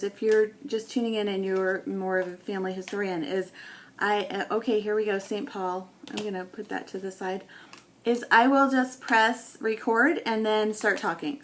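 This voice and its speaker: Woman thinking aloud while sorting photos. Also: mid-range voice. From New England. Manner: thinking aloud, unhurried, with many ums. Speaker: scrapbooking video maker.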